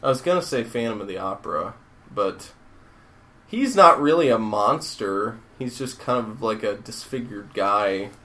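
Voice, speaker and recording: A man's voice: on the low side, lively intonation, unhurried, bright, forceful tone. A man co-hosting a podcast, talking in a rambling, enthusiastic way with casual swearing. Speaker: podcast co-host. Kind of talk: casual chat.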